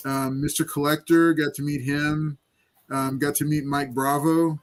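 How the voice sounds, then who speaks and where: A man's voice: fairly high pitch, level tone, a little slow. A man hosting a casual livestream chat and giveaway, talking loosely with many fillers. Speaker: livestream host running giveaways.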